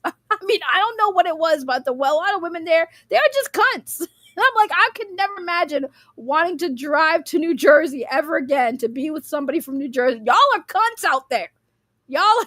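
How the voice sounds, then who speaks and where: A woman's voice: sits high, a bit bright, dry recording, clean studio sound. A young woman, rambling bluntly in casual livestream commentary, laughing often and swearing freely.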